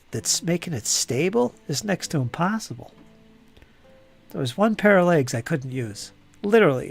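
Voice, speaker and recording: A man with a gravelly, somewhat high voice chats casually on a live stream, muttering to himself as he works on models. His voice is getting hoarse. Faint music plays behind him. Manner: rambling, talks to himself while building models. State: losing his voice. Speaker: hobby streamer.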